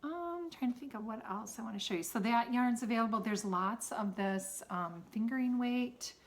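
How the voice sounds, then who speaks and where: A woman's voice: a little high, moderate pace. A woman with a Wisconsin accent, hosting a knitting podcast and chatting casually about yarn and her projects, rambling with lots of ums and restarts. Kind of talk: casual show-and-tell chat.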